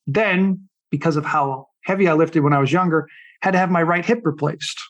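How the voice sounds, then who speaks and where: Middle-aged male coach, casual and blunt, tells stories with energy in a slightly high voice. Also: normal speed, lo-fi sound. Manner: animated, acts out quoted people. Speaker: podcast guest, coach. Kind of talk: casual storytelling.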